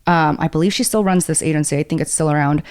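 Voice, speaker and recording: Lower-voiced woman telling her story. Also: quick pace, clear, resonant tone. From United States. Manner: animated storytelling, acting out quoted dialogue. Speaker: actor, podcast guest. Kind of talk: casual podcast interview.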